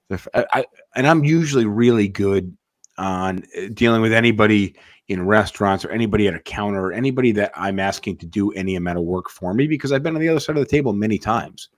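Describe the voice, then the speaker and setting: Male podcast host, very low pitch, dry close sound, rambling and profane, stumbles and restarts. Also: expressive, fast, no room sound. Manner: rambling, profane, repeats words when starting. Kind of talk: casual chat.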